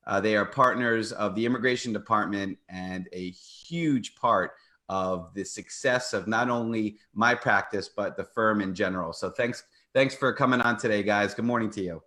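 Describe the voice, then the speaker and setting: A man's voice: fairly low pitch, moderate pace, pushed and bright. A middle-aged man, an attorney hosting a call-in radio show, talking in an upbeat, promotional way with playful banter. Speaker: personal injury attorney and show host.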